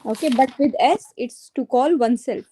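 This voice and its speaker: A woman's voice: high voice, moderate pace, mellow, a little hiss or hum, low-quality recording. A woman teaching a French grammar lesson to a student, patiently repeating each conjugation aloud.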